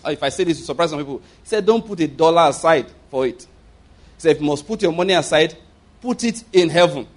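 A middle-aged Nigerian man delivering a sermon, his voice sitting a little higher than most men's. He preaches in a loose, conversational way, repeating phrases for emphasis. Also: expressive, a little fast. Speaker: pastor.

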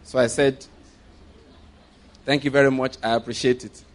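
A man's voice: mid-range voice, little pitch movement, moderate pace. A man preaching a sermon as a story, repeating himself for emphasis, checking in with his listeners and chuckling along the way. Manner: chuckles often while telling.

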